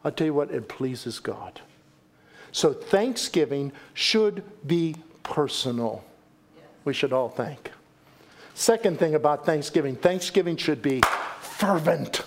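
A middle-aged man preaching a sermon as pastor, animated and folksy, with joking asides and repeated phrases. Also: high voice, a little slow.

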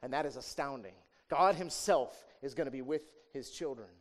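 A man preaching a sermon in a conversational way, asking rhetorical questions and tagging lines with "right?", swinging between emphatic raised passages and quiet asides. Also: medium pitch, normal speed. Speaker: pastor.

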